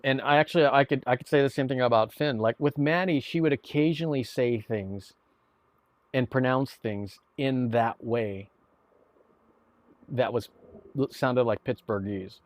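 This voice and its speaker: A man's voice: mid-range voice, moderate pace, no echo. A man chatting casually to viewers on a live stream, rambling, with many restarts and repeated words. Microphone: streaming mic.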